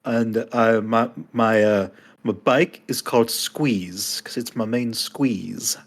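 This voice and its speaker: A man's voice: medium pitch, steady tone, slow. A man introducing himself as a tabletop game player, casual and hesitant with many restarts. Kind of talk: casual chat.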